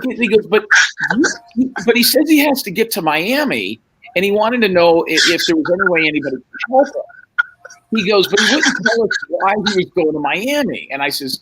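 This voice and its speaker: Animated husky man telling a wild story. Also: high-pitched, poor audio. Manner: animated, swears freely, acts out other people's lines. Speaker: podcast guest. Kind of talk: casual storytelling.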